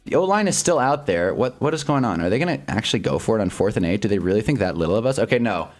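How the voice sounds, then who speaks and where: A man streaming live sports commentary who swings between loud yelps and low mutters and chats with his viewers' comments. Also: lively intonation, very fast, faint music behind. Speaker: streamer hosting a live game watch-along.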